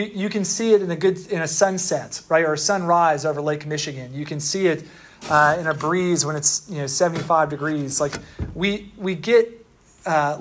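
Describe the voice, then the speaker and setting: A man preaching a conversational sermon in a casual, chatty way, full of fillers and "right?" tag questions. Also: fairly high pitch.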